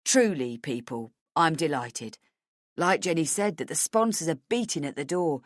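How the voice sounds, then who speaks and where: A woman's voice: deep voice, lively intonation, normal speed, no room sound, studio quality. A woman voicing a brash, cheerful male newspaper boss in an audiobook. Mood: proud. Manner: hearty, celebratory.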